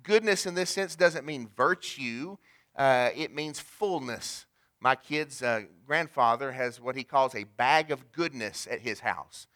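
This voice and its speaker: Dramatic preacher man, bright voice. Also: medium pitch. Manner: dramatic, swinging from loud emphasis to near-hushed delivery; conversational, with asides to the congregation. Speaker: pastor. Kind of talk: sermon.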